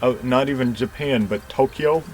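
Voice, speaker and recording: A man's voice: medium pitch, normal speed, a little mellow, faint music behind, poor audio. A man playing through a video game, reading all the characters and chatting casually. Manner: voices every character while reading. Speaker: game player and reader.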